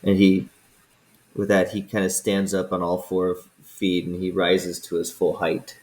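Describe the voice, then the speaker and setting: A man runs a tabletop game as game master, calmly describing the scene. His voice sits very low, and he takes his time with every line. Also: unhurried, low-quality recording.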